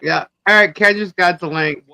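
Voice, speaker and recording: A woman's voice: fairly low pitch, moderate pace, vocal fry, sharp tone. Laughing, chatty woman storyteller. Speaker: co-host of a live stream. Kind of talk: casual live-stream chat.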